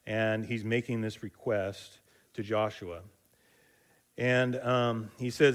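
A man's voice: on the low side, fairly even intonation, a little slow. Casual male Bible teacher. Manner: conversational, retelling with fillers and asides.

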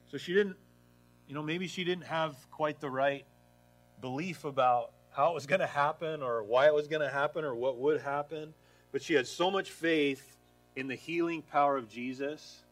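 A man preaching a casual, lively sermon, acting out the story and laughing along. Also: mid-range voice, unhurried, pauses often, soft background music, rough recording. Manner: animated storytelling, acts out voices, laughs. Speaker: pastor.

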